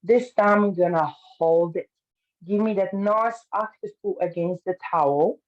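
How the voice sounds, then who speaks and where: A woman teaching an online pilates class, calmly cueing each movement step by step. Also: mid-range voice, measured pace, lo-fi sound. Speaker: pilates instructor. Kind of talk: guiding an online fitness class.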